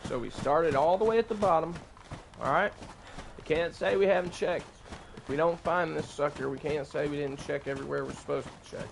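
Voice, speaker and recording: A man's voice: fairly high pitch, gravelly, slight background noise. A man with a Southern US accent, joking in casual livestream commentary while he plays a game, with a drawling country way of talking. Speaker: game streamer.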